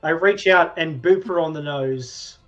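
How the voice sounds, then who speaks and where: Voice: mid-range voice, a little slow, dull audio, faint music behind. A player in a tabletop game, giggly and hesitant, narrating their character's actions. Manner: giggly, hesitant, lots of fillers. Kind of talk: casual tabletop game play.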